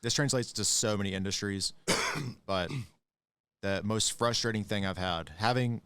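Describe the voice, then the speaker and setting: A man's voice: on the low side, moderate pace, a bit bright, smooth, no room sound. A man who has managed bars for years, chatting casually on a podcast and explaining things at length. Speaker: podcast co-host, bar manager. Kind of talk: casual chat.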